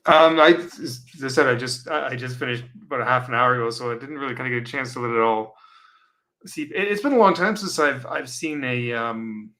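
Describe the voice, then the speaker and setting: Male podcast panelist: bright tone, hesitant, halting delivery. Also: mid-range voice. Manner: hesitant, lots of ums and restarts. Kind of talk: casual chat.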